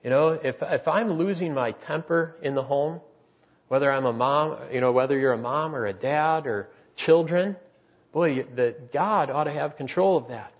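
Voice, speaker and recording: A man in his thirties delivers a sermon in an earnest, halting manner, often restarting his sentences. His voice sits a bit high. The recording sounds dull and lo-fi. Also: breathy edge. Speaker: preacher.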